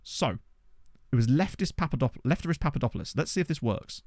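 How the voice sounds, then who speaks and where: A man's voice: mid-range voice, lively intonation, fast talker, darkish tone, no echo, clean studio sound. A man live-streaming a management game, chatting casually, thinking aloud and swearing now and then. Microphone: desk condenser microphone.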